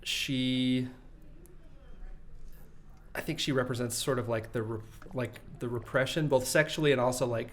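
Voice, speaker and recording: A man co-hosting a podcast, talking casually and animatedly about a film, quick to laugh. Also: medium pitch, steady tone, slight background noise. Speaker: podcast co-host.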